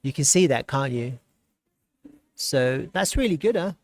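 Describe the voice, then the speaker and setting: A man hosting a live stream, chatting casually and reacting with excitement and frequent laughter as he browses. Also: mid-range voice, unhurried, no room sound. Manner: excitable, laughs often, thinks aloud while browsing. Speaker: livestream host.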